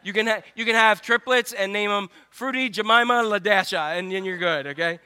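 Older guy preaching, high bright voice, cracks jokes and quizzes the crowd. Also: a little fast, clean tone. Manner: joking, talks straight to the congregation with questions. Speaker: pastor. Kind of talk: sermon.

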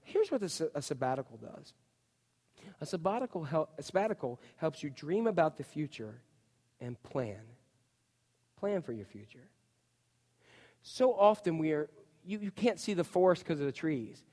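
A man preaching a chatty, animated sermon as a pastor, full of asides and "you know". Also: fairly high pitch, normal speed, long pauses. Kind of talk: conversational sermon. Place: church. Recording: long reverb of a church hall.

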